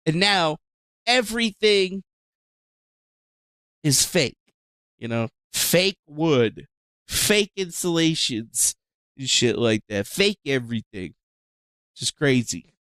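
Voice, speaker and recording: Dude ranting on stream, swears a lot, sarcastic sighs, dry sound. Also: male voice, a little high, sharp tone, dry recording. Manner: profane, sarcastic, sighing. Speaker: livestream host. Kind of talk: rambling livestream rant.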